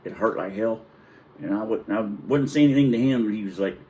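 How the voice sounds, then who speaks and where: A man's voice: lowish voice, brisk, rough recording. A middle-aged man casually telling a rambling, profane childhood story, acting out the quotes. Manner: rambling, profane, animated retelling with acted-out quotes.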